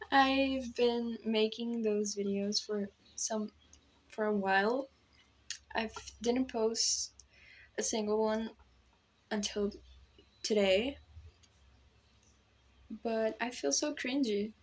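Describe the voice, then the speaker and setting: Slow, halting Brazilian woman vlogging. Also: a little high, expressive, fairly bright tone. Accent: Brazilian, with American influencer tones. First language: Portuguese. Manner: rambling, self-deprecating, slow and halting. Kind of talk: casual self-talk to camera. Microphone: phone camera.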